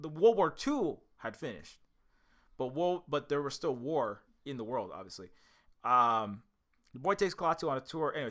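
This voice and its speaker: Here an American man, an indie game developer who runs a channel, talks loosely about an old film, frequently backtracking to fix and restart what he's saying. He has a mid-range voice with a fairly bright tone.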